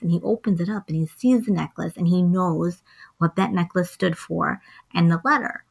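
A woman's voice: fairly low pitch, normal speed, husky. A woman in casual chat, retelling a movie plot with lots of acted-out lines. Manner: animated storytelling, acts out lines and hums songs. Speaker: co-host recapping a film.

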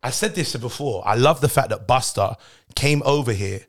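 A British man hosting a podcast, chatting casually in a rowdy, high-energy way and laughing often. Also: moderate pace. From United Kingdom. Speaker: podcast host.

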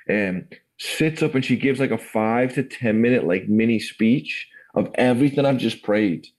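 A man's voice: medium pitch, darkish tone, low-quality recording. An English man in his forties, telling his life story in a rambling, casual way full of fillers. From England. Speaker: guest. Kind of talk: casual testimony interview.

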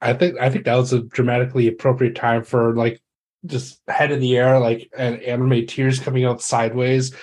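A man playing a tabletop role-playing game, rambling through his character's reactions with lots of likes and uhs. His voice sits mid-range with a husky edge. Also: medium pitch, flat delivery, normal speed, a little mellow. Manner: rambling, filler-laden descriptions.

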